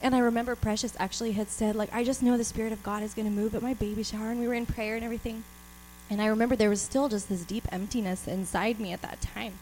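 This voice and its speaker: A woman's voice: fairly high pitch, steady tone, fast talker, darkish tone, slight background noise, rough recording. Breathless woman preaching casually. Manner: personal, chatty, laughing, many restarts. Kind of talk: informal sermon with scripture reading.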